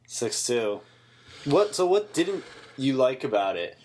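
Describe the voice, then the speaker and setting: A man's voice: mid-range voice, sing-song, slow pace, darkish tone. A man co-hosting a casual TV review podcast, talking bluntly and mockingly and swearing freely. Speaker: podcast co-host.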